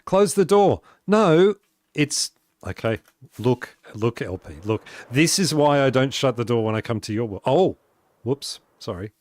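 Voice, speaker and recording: A man chatting easily through a live game stream, reading messages aloud and laughing often between tasks. His voice sits at an ordinary middle pitch. The sound is dry and close, with no room echo. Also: moderate pace, a little mellow. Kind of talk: casual live-stream chat while playing.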